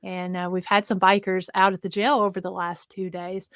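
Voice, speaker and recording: A woman co-hosts a live video podcast in easy, rambling chat. She fills her talk with ums and quick laughs. Her voice sits close and dry, with no room around it. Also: on the low side, flat delivery, dry recording. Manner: chatty, filler-heavy, laughs easily. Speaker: podcast co-host.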